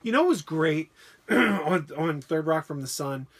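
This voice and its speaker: A man's voice: on the high side, expressive, a little slow, crowd noise. A man guesting on a casual movie livestream, trading joking pop-culture banter. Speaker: guest co-host. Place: living room couch.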